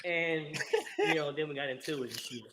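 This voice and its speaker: An American man, a former Marine, telling a war story in a lively, profane way and acting out the people he quotes. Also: fairly high pitch, brisk, very noisy. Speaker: guest, former Marine rifleman.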